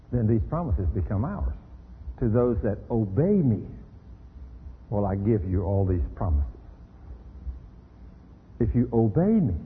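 A middle-aged man preaching an animated radio sermon, full of rhetorical questions. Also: medium pitch, breathy edge. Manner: animated, rhetorical questions, acts out quoted voices. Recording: tinny phone-like radio broadcast with reverb.

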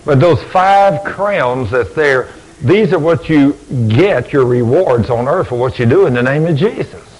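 A man's voice: fairly high pitch, animated, measured pace, darkish tone, low-quality recording. A man preaching a sermon in a folksy storytelling way, acting out conversations. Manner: folksy, acts out both sides of conversations. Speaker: preacher and deacon.

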